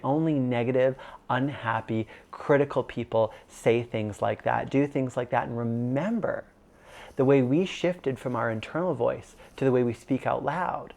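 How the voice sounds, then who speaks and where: A man's voice: medium pitch, normal speed, creaky, darkish tone. A man in his thirties teaching an online course in a casual, conversational way, full of "like" and "you know". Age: 30s. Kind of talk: casual instructional talk.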